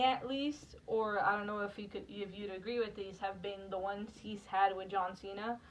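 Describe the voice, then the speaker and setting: A woman co-hosting a casual wrestling review podcast, chatty and steering from topic to topic with lots of "like". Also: mid-range voice. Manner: chatty, leads the segments, frequent "like". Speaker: podcast co-host. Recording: distant mic with background noise.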